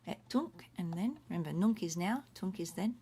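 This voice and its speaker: This Australian woman, middle-aged, has a low, dark, husky voice and sounds animated at a normal speed. Streaming casually from a home room with faint background noise, she explains Latin vocabulary one word at a time, interrupting herself with comments.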